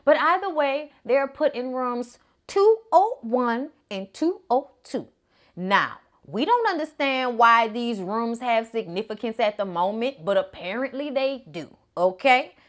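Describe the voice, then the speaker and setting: A woman recapping a movie in a casual, sassy, animated way, talking straight to her viewers. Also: fairly high pitch, a little slow. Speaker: movie reviewer.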